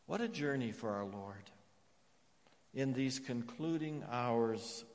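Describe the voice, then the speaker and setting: A man preaches from the pulpit, his mid-range voice carrying a long reverb through the church hall. He presses points emphatically and then falls to hushed, repeated phrases. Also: mid-range voice, expressive, slow pace. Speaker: pastor. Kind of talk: sermon.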